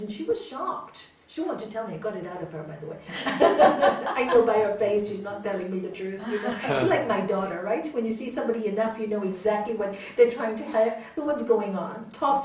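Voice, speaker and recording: A woman teaching raja yoga to an audience, telling stories and acting out quoted voices, often checking in with a questioning "hmm?". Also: medium pitch. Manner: animated storyteller, acts out quoted voices, frequent "hmm?" to listeners. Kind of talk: spiritual talk to an audience. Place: hall. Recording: echoey hall, voice from a distance.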